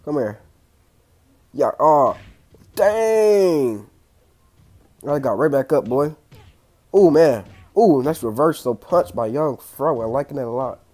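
Young dude yelling at a wrestling game, throat all clogged, lots of slang and trash talk. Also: male voice, mid-range voice, lively intonation, takes it slowly, long pauses. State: congested throat. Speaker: gaming channel host. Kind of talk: casual gameplay commentary.

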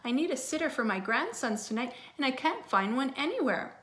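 Sweet worried granny, woman voicing her, kinda high and fussy. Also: sing-song, a little fast, fairly bright tone. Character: flustered grandmother, sweet and fussy.

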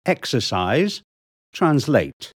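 A man reading instructions and example sentences in a measured way for a language drill. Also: medium pitch, sing-song, husky, no room sound, studio quality.

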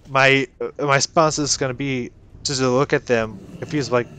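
A man's voice: medium pitch, normal speed, fairly bright tone, slight background noise. A man casually recounting his role-playing game character in a rambling monologue, laughing often and swearing freely.

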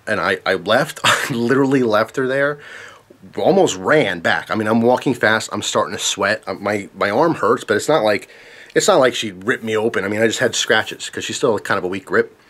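A man's voice: fairly low pitch, normal speed, a bit bright. A man casually telling a story to camera, earnest and emphatic, repeating himself when tense.

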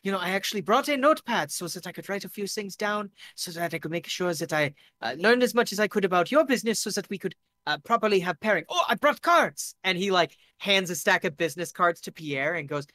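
A game master voicing a clumsy, overeager man in a loud disco suit who stammers, speaks very formally and slips in German and French words. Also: mid-range voice, fairly even intonation, brisk, hardly any pauses, no room sound, close to an everyday voice. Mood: chatty. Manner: stammering, overly formal and polite.

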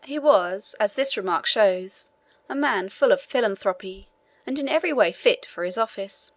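A woman's voice: mid-range voice, expressive, moderate pace, no echo. Woman narrating a classic novel. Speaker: audiobook narrator. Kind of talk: scripted narration.

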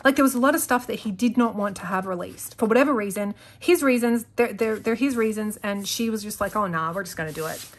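A woman's voice: on the high side, a little fast, few pauses, a little hiss or hum. A woman chatting while she sets up her planner at a desk, rambling, sidetracking often and getting worked up when she rants. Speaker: planner vlogger. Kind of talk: chatty talk while crafting. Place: at a desk at home. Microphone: desk-mounted camera.

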